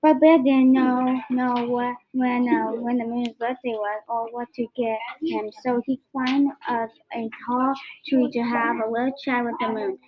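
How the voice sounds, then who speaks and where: A woman reading a picture book aloud, halting at times with restarts and repeats. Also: fairly high pitch, level tone, highs cut off. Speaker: storyteller. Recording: crowd heard behind.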